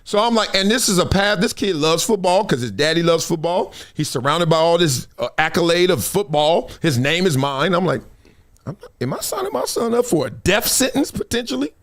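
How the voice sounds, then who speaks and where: A man hosting a live stream, talking in an animated, emphatic storytelling way. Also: high-pitched, a little fast. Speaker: show host.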